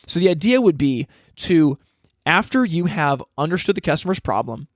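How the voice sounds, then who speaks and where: A man teaching a step-by-step sales process in casual, energetic talk, acting out lines he would say to customers. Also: a little high, normal speed, dry recording, studio quality. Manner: energetic, acts out customer dialogue, frequent restarts. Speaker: sales trainer.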